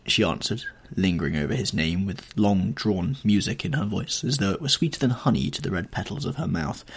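A man narrating a classic novel in an expressive, dramatic storytelling manner. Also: low voice, brisk, few pauses, breathy edge. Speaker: audiobook narrator.

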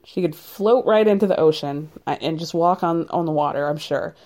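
A woman's voice: low-pitched, moderate pace, darkish tone. A woman casually recapping a reality show in a chatty way, full of "like" and sarcastic asides.

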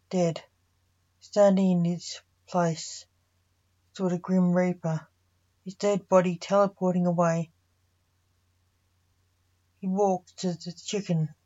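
A woman reading a fantasy story aloud, voicing all the characters in a mostly even narrating voice. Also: lowish voice. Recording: muffled lo-fi recording.

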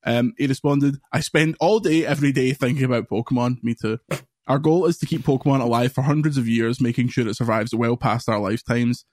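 A man hosting a gaming podcast, rambling casually between news items and throwing in quick jokes. His voice sits at an ordinary middle pitch. The recording is close and dry, with no room sound. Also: fairly even intonation, darkish tone, dry recording. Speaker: podcast host.

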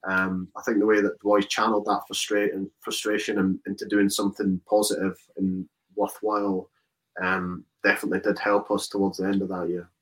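A young man with a lowish voice talks through his rugby career in an easy, rambling way. He circles back on himself often, with plenty of "like" and "um" along the way. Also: flat delivery, fairly quick, fairly bright tone, low-quality recording. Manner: casual, rambling with many fillers and restarts. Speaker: rugby player guest. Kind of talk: casual interview chat.

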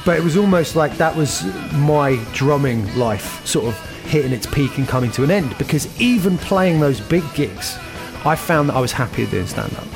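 A man, a comedian telling lively anecdotes with laughs in a casual interview. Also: mid-range voice, moderate pace, music in the background. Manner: animated, anecdotal, laughs while telling stories. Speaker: guest comedian.

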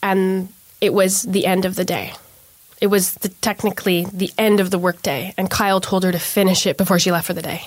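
A woman's voice: mid-range voice, level tone, a little fast, no echo. A young adult woman telling an interviewer about her experience, earnestly recounting events and acting out the things people said. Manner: earnest storytelling, acts out quoted dialogue. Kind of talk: personal account in an interview.

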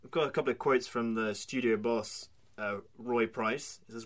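A man co-hosting a casual film podcast, trading dry, quick quips. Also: medium pitch, fairly even intonation. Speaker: podcast co-host.

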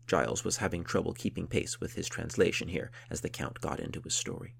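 A man narrating a historical novel in a steady, measured storytelling manner. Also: extremely low pitch, gravelly, breathy edge.

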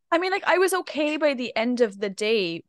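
A woman's voice: a little high, big pitch swings, normal speed, no echo, clean studio sound. A young adult woman, co-hosting a casual podcast and telling a story in a chatty way, acting out what people said. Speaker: podcast co-host. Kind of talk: casual chat.

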